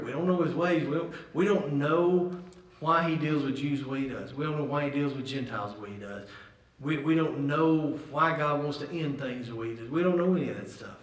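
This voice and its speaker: A man leading a Bible study, reading verses aloud and explaining them with frequent restarts and repeated words, growing animated at times. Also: fairly high pitch, brisk. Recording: echoey room, mic far off.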